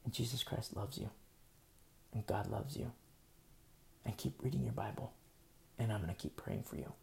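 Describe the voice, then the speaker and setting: A man preaching a sermon, earnest, swinging between soft pleading and emphatic outbursts. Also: on the low side, normal speed, gravelly, slight background noise.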